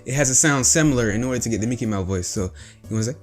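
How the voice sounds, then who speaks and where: A man talking casually as he teaches a voice trick. He goes step by step, repeats himself and fills pauses with ums. His pitch sits in an ordinary middle range. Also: lively intonation, soft background music. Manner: chatty, repetitive, explains step by step with fillers. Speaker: voice tutorial host. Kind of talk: casual instructional talk.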